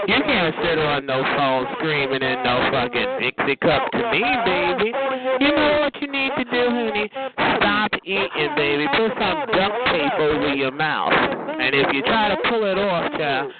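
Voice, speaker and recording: A man on a phone chat line, mockingly roasting another caller in a sing-song voice and calling him honey and baby. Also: a little high. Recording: tinny phone line with crowded chatter.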